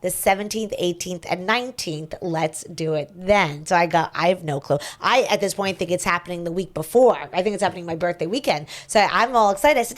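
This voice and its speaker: A woman's voice: fairly low pitch, a little fast, hardly any pauses. Chatty woman host telling a story. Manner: animated storytelling, acts out quoted messages. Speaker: podcast host. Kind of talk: casual chat.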